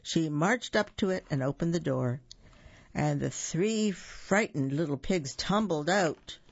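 A storyteller reading a fairy tale aloud in a lively, playful way. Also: mid-range voice, unhurried, breathy edge, highs cut off.

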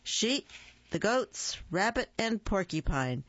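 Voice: mid-range voice, sing-song, takes it slowly, fairly bright tone, no echo, lo-fi sound, pitched above the performer's own voice, exaggerated voice. A storybook reader voicing a kind, devoted male moose who keeps his promises, in a raised, eager voice. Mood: cheerful. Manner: eager, calling out cheerfully.

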